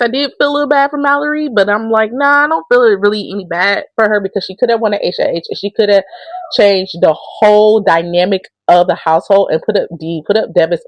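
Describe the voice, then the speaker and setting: A woman's voice: mid-range voice, dry recording. A woman talks through the week's reality show drama in a casual, unfiltered way and swears freely. Her voice rises and falls a lot while she tells the story. The sound is close and dry, with no room around it. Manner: blunt, profane, animated storytelling. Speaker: reality show recap host. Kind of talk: casual recap commentary.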